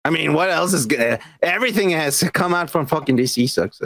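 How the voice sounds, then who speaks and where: A man's voice: on the high side, lively intonation, brisk, a bit bright, no room sound. A man co-hosting a podcast, talking in a profane, mocking way about movies he dislikes. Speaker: podcast co-host. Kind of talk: crude casual podcast chat.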